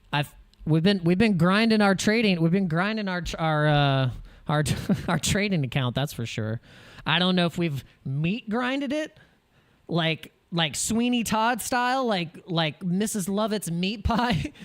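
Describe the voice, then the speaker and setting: A man's voice: sits high, animated, slow, pauses often. An American man hosting a crypto livestream in casual chat, rambling and joking, with frequent laughs and restarts, jittery from espresso. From United States.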